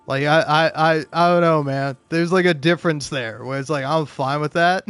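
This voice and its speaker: A man's voice: a little high, normal speed, fairly bright tone, smooth, dry recording. A drunk man rambling profanely in casual gaming commentary, full of restarts and fillers. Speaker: gaming YouTuber.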